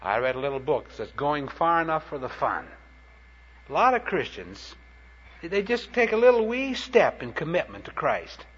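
A man's voice: on the high side, sing-song, normal speed, a bit bright, breathy edge. A man preaching a sermon, telling short anecdotes in a plain-spoken, punchy way. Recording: dull lo-fi recording.

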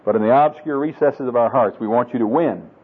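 Older male preacher, husky, humorous and folksy; thin phone-like recording. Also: mid-range voice, brisk. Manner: folksy, humorous, coaxing the audience. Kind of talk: sermon to married men. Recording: tinny lo-fi phone-like sound.

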